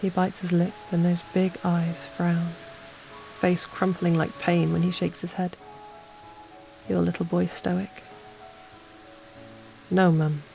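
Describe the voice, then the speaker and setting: A woman narrating a calm bedtime story in the second person, at an unhurried pace. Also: fairly low pitch, vocal fry. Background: soft ambient music.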